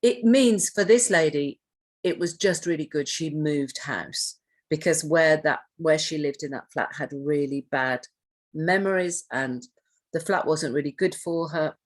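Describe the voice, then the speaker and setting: A woman with a low, husky voice gives a training talk. She speaks conversationally, puts questions to her listeners and often starts a phrase over. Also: unhurried. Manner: conversational, asks the audience questions, restarts phrases. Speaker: trainer on hoarding and self-neglect. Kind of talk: training presentation.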